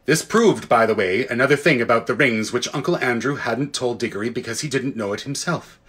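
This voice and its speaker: A man reading a children's fantasy book aloud in an expressive, lively way, with casual asides to listeners. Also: mid-range voice, brisk, slightly rough. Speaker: audiobook reader. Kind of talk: storybook read-aloud.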